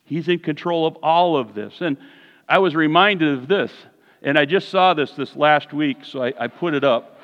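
A man preaching a sermon as pastor, animated, swinging from hushed lines to loud ones. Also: on the high side, normal speed, muffled recording. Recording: reverberant hall.

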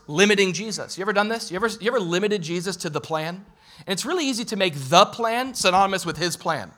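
Young pastor guy preaching, jokey and animated, bright tense voice, a bit high. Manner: animated and joking, talks straight to the congregation. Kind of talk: sermon.

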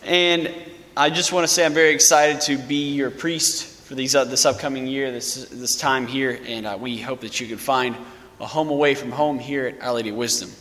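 A man's voice: mid-range voice, steady tone, moderate pace, a bit bright. A young man from Louisiana, a parish priest giving a casual, story-driven sermon. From Louisiana, USA. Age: young adult. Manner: casual, storytelling homily with fillers. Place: church. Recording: echoey church hall.

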